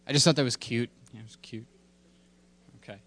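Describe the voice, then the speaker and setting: A man's voice: medium pitch, steady tone, fairly quick, a bit bright. A male pastor preaching a sermon in a conversational, self-deprecating way.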